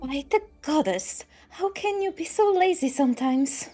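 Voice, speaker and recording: Woman doing a high, bright, chiding maid. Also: expressive, a little slow, faint music behind. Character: young female maid, brisk and scolding.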